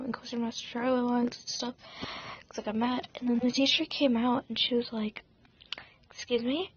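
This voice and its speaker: A woman's voice: a little high, a bit bright, muffled recording, slight background noise. A teenage girl rambling through a dramatic storytime vlog, full of fillers and acted-out quotes. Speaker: vlogger.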